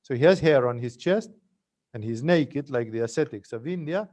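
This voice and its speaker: A man's voice: mid-range voice, expressive, normal speed, a little mellow. A man teaching yoga, telling stories in a conversational spiritual talk with frequent tag questions.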